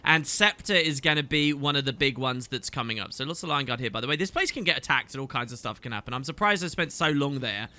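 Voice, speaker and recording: Talking fast and barely pausing, this let's play host in his thirties gives eager, chatty commentary on the game he's playing. His tone is bright and forceful, and his intonation is lively, swooping up and down.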